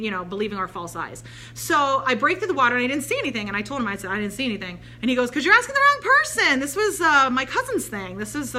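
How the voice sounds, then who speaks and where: Bright, chatty woman telling a story. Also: mid-range voice, slight background noise. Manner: chatty, animated, quotes voices in her anecdotes. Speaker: spiritual channeler. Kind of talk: casual storytelling.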